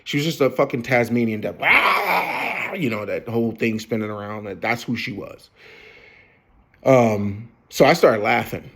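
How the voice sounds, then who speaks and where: A man's voice: fairly low pitch, normal speed. A man of fifty telling a long personal story to the camera, rambling and profane, with many fillers and restarts. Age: 50s. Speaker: vlogger.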